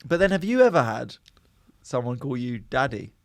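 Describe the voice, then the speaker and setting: A man's voice: mid-range voice, very animated, moderate pace, no echo. A man co-hosting a podcast, trading teasing, joking banter in casual chat. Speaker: podcast co-host.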